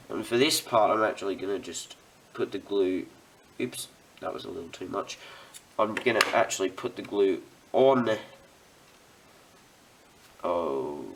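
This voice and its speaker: A man's voice: on the low side, a bit bright. A young man with an Australian accent, a student, giving a rambling, chatty model railway building tutorial while he works. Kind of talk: casual hobby tutorial.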